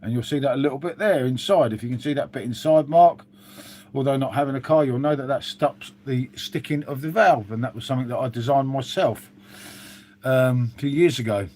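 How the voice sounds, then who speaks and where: Man, casual live-stream chat, says "mate" a lot, mid pitch, faint noise behind. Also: fairly quick, darkish tone. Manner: chatty, lots of "mate" and "um".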